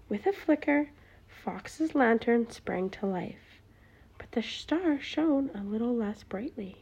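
A woman reading a bedtime story aloud in a hushed, often whispering voice. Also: a little high, takes it slowly, husky, highs cut off.

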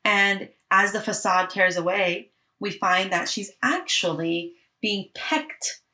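A woman in casual podcast chat, retelling a film scene by scene with lively, profane storytelling. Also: mid-range voice, takes it slowly. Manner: animated storytelling with swearing and acted quotes.

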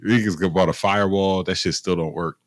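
A young man in casual chat, telling stories in an animated way with heavy slang and swearing. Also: deep voice, fairly quick, no room sound, studio quality. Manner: animated storytelling, profane slang.

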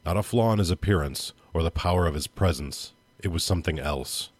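A man who hosts a podcast and reads a dark first-person story aloud with steady expression. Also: deep voice, a little fast, breathy edge, no echo. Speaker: podcast host. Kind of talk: dramatic story reading.

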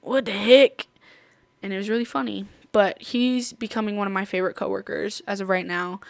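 A woman's voice: medium pitch, fast talker, gravelly, dry recording. Chatty woman telling stories on her podcast. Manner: chatty, rambling, laughs often. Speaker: podcast host. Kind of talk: casual storytelling chat.

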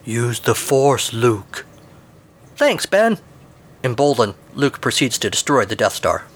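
A man's voice: medium pitch, a bit bright. A male podcast host reads a comic story with dry, offhand humor. His delivery is casual and wry.

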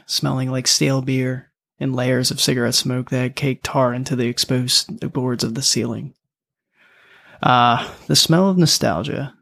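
Gravelly male audiobook narrator. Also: mid-range voice. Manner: casual, profane storytelling.

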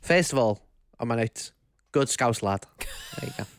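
A man's voice: medium pitch, huge pitch swings, normal speed, clear, resonant tone, no room sound, studio quality. A man with a Liverpool accent co-hosting a casual podcast, joking and chatty. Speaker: podcast co-host.

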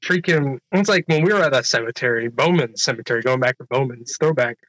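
A man's voice: medium pitch, fast talker, a bit bright, dry recording, poor audio. A man in casual chat, earnest and agreeable, often restarting his sentences. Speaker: paranormal investigator.

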